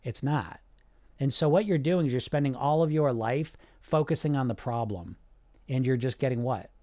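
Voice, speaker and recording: A man's voice: mid-range voice, moderate pace. A man hosting a podcast as a weight loss coach, talking directly and casually, often throwing in rhetorical questions and check-ins. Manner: direct and animated, asks rhetorical questions and checks in with "right?" and "you see?"; casual, sometimes swears.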